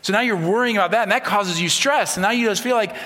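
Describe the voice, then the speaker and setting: Male pastor, sermon delivery, conversational with humor, soft-to-emphatic swings, long hall reverb. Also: high-pitched, fast talker.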